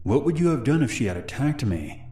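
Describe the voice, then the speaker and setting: A man's voice: mid-range voice, sing-song, fairly quick, echoey room, pitched above the performer's own voice, lightly acted. A man doing a falsely friendly creepy stranger. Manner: falsely friendly, quietly menacing. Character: creepy smiling male stranger in his twenties. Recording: faint music underneath.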